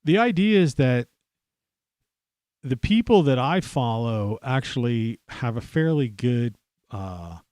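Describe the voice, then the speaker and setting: American guy ranting and cussing on his show, mid-pitched voice, dead dry sound. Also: animated, slow pace, a little mellow, no room sound. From United States. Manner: angry, swearing, rambling with many fillers. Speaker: podcast host. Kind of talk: profane ranting monologue.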